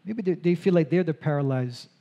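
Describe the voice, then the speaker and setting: A man pastor interviewing a church member onstage during a service, chatty and animated, with quick asides. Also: a little high, lo-fi sound.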